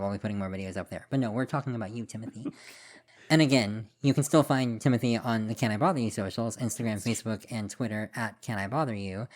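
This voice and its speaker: A man with a fairly low voice and a darkish tone co-hosts a podcast. He chats casually in a rambling, self-deprecating way and laughs often.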